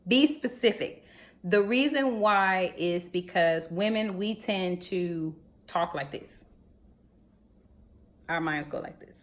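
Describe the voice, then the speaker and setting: A young adult woman giving casual marriage advice to wives, lively and preachy, leaning on rhetorical questions and emphatic repetition. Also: fairly low pitch, takes it slowly, pauses often.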